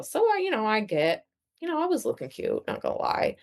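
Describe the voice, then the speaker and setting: A woman's voice: fairly high pitch, moderate pace. A woman in her thirties, a podcast guest telling her own story in a casual, chatty way with plenty of fillers. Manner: chatty, animated, lots of fillers.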